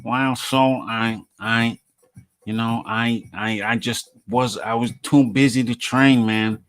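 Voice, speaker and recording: A man putting on a boastful, lazy rich boxer's voice with a drawn-out "bro". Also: mid-range voice, steady tone, fairly bright tone.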